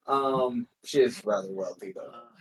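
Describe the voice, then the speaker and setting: Slow-talking man playing a tabletop game. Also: medium pitch, a bit bright, a little hiss or hum, poor audio. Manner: slow, hesitant, many "uh"s. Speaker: player. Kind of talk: tabletop game play, casual.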